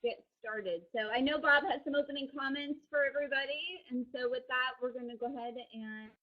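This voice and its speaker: A woman hosting a live company webcast, enthusiastic and bubbly, with filler pauses. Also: sits high. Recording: dull lo-fi webcast audio.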